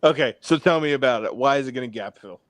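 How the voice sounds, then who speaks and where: A man's voice: medium pitch, fast talker. A man joining a livestream by call, reacting eagerly and asking questions. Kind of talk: casual livestream chat.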